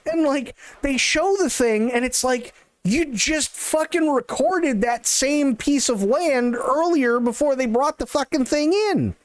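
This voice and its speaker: A man's voice: extremely high pitch, measured pace, hardly any pauses, dry recording, clean studio sound. A male streamer ranting in casual, profane, sarcastic chat on a live stream.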